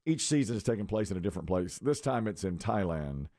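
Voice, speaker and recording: A man's voice: on the low side, quick pace, no echo, studio quality. A man, hosting a morning show and telling rambling stories in casual chat. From North Carolina. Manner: animated, rambling storyteller. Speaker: radio show host. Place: radio studio.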